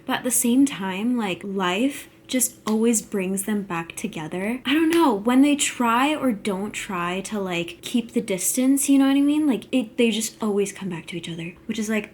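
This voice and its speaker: A woman's voice: mid-range voice, expressive, normal speed, hardly any pauses, darkish tone, slight background noise. A young woman talking casually to camera at home, rambling with lots of "like" and gasping, emotional reactions. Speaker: vlogger. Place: at home, sitting in a chair.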